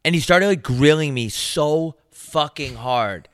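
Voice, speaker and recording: Brief: lively twenties podcast co-host, bright forceful voice, dry close sound. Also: male voice, on the high side, slow, no echo. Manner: animated storyteller, swears a lot. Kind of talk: casual comedic chat.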